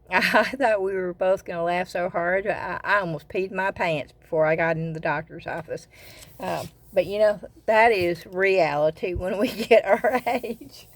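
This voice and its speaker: Older Southern woman for a casual craft vlog; chatty and rambling, slightly low-pitched. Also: measured pace, no echo. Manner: chatty, rambling, repeats words. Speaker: craft vlogger. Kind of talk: casual chat.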